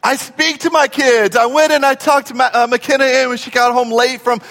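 A middle-aged man preaching a sermon as pastor, emphatic and animated, acting out quotes and rising to shouts. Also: very high-pitched, normal speed. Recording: long hall reverb.

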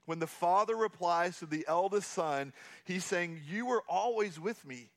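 High-voiced man preaching a sermon. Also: a little slow. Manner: earnest preaching, repeats key phrases for emphasis. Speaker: pastor.

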